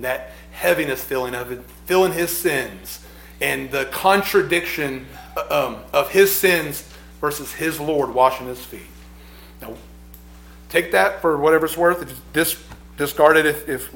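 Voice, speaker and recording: A male preacher delivers a slow, searching sermon, often repeating himself as he works toward a point. His voice sits a touch high for a man. The room around him is echoey. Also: creaky, a bit bright. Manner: reflective, repeats phrases, swells in emphasis.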